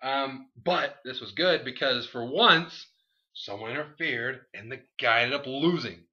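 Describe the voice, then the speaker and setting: A man co-hosting a casual comedy chat, recapping wrestling matches in a goofy, animated way. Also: mid-range voice, unhurried. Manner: animated, breaks into goofy impressions and shouts. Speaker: podcast co-host recapping wrestling. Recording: lo-fi dull recording.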